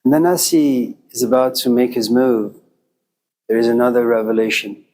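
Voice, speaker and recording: A man giving a lecture and telling a story with lively, acted-out voices. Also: medium pitch, moderate pace, poor audio. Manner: animated storyteller, acting out voices.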